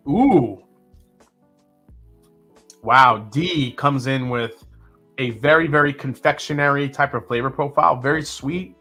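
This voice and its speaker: A man's voice: medium pitch, unhurried, long pauses, faint music behind. A man hosting a live whiskey tasting, chatting casually and reading out viewer comments. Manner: relaxed, chatty, with fillers and sips. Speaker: whiskey livestream host.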